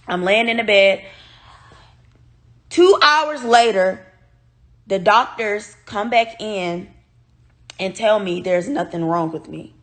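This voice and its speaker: A woman telling her viewers a personal story, animated and blunt, swearing freely and sounding upset and near tears. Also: mid-range voice, measured pace, long pauses. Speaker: vlogger.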